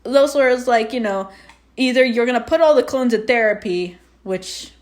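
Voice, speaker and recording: A woman co-hosting a podcast, ranting about a movie in casual chat, animated and swearing often. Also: a little high, normal speed. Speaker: podcast co-host.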